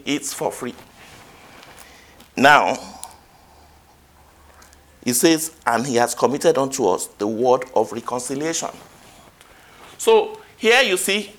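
A man's voice: a little high, a bit bright. A man preaching a sermon, quoting scripture and rising to emphatic peaks.

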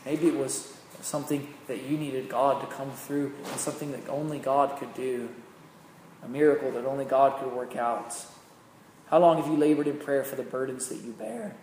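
A man preaching a sermon, swinging from loud, emphatic peaks to hushed, slow phrases. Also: mid-range voice. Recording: echoey hall with long reverb, faint noise.

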